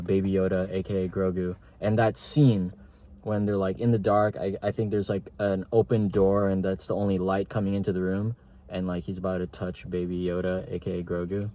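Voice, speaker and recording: Young man, low mellow voice, slangy, rambling, casual review. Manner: slangy, rambling, heavy on filler words. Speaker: TV show reviewer.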